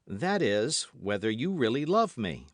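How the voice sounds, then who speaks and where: A man's voice: mid-range voice, very animated, unhurried, no echo, clean studio sound. A man reading an audiobook, voicing a gallant, ardent young swordsman in an earnest, caressing manner.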